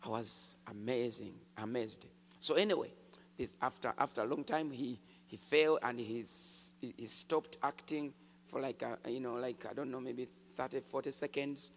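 A man preaching a testimony, telling his story with animated swings from hushed to shouted. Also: mid-range voice, moderate pace, gravelly, slight background noise. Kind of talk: sermon testimony. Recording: long hall reverb.

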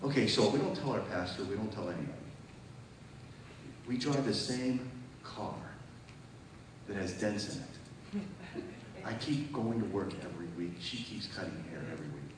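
A man's voice: fairly low pitch, lively intonation, moderate pace, pauses often, noisy background. Preacher man in a very echoey hall. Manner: emphatic and conversational, often asks the audience questions. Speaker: preacher giving a testimony. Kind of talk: sermon testimony. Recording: very echoey hall, mic far off.

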